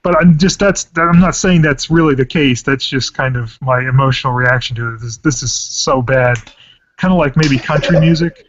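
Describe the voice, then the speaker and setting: A man vents on a podcast panel in a heated, ranting way, swearing as he goes. His voice sits at an ordinary pitch. The recording is dry and dull, with a lo-fi sound. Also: moderate pace, dry recording. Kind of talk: casual chat.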